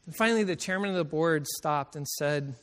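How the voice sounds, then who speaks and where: A man's voice: a little high, fairly quick, a bit bright. A middle-aged male preacher telling personal stories in a sermon, emotional and laughing often as he goes. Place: college chapel. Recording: chapel recording with long reverb.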